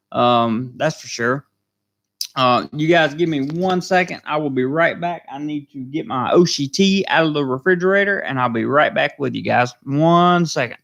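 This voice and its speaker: A man with a Southern American drawl and a gravelly edge to his voice talks loosely to his live-stream viewers. He reads their comments aloud, wanders with plenty of ums and uhs, and thanks them over and over at a middling pitch. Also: dull audio. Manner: rambling, many fillers, warm thanks to viewers. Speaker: vlogger hosting a live stream. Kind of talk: casual live stream chat reading comments.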